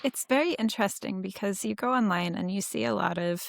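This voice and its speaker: A woman hosting a podcast, giving thoughtful, measured comments in a casual conversation. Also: mid-range voice, creaky, dry recording, studio quality. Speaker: podcast host.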